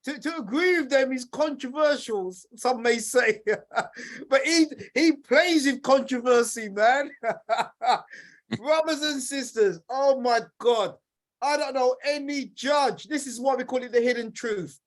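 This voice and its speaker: An energetic man hosting a talk show, his voice sitting unusually high. He rallies the audience and hypes his guest with bursts of excitement. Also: measured pace. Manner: energetic, hyping the audience, laughing. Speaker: host.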